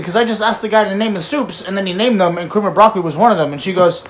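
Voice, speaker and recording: Young man, high voice, profane and animated storyteller on a friends' podcast. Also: very fast, few pauses. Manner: profane, laughing, acts out quoted voices loudly. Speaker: podcast guest. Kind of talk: casual storytelling among friends.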